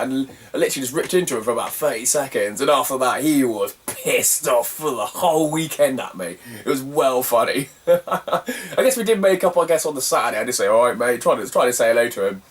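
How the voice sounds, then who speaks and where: With an expressive mid-range voice and a fairly quick pace, a young Cornish retro gaming vlogger tells a meandering, slangy story and laughs often between phrases. The mic is distant.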